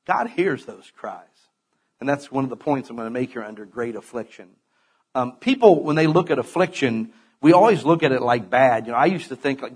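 A man's voice: mid-range voice, expressive, brisk, slightly rough. A middle-aged man preaching a sermon in a conversational way, with sudden emphatic bursts.

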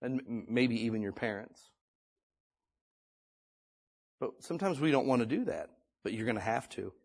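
A male pastor preaching a sermon in a folksy, conversational way, swinging between loud and hushed delivery. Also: mid-range voice, lively intonation, moderate pace, creaky, breathy edge. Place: church or meeting room.

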